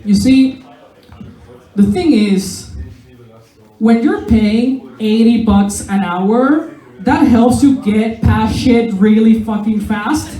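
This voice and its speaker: Sex: woman. Role: stand-up comedian. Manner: casual and profane, laughs at her own jokes, slow and unhurried, mellow tone. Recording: roomy pub room. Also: fairly high pitch, faint music behind.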